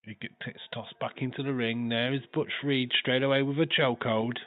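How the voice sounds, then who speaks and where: A man of ordinary pitch calls a wrestling match for a livestream, tired and stuffy-nosed. He talks loosely, swears casually, and jumps into excited shouts at big moves. His voice sounds thin and phone-like. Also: normal speed. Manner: loose play-by-play with swearing and sudden excited bursts. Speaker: livestream host. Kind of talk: casual wrestling watch-along commentary.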